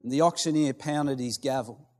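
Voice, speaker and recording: A man telling a parable in a sermon, in a slow, dramatic storytelling way. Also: medium pitch. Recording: long hall reverb with soft music.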